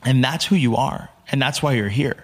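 Animated young American man telling stories. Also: medium pitch, normal speed. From United States. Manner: animated storyteller, acts out quotes. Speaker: guest. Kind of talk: casual storytelling interview.

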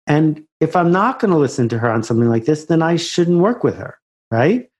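A man's voice: fairly high pitch, big pitch swings, fairly quick, a little mellow. Man telling stories in an interview. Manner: anecdotal, builds stories to a punchline. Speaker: author and guest. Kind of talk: conversational storytelling.

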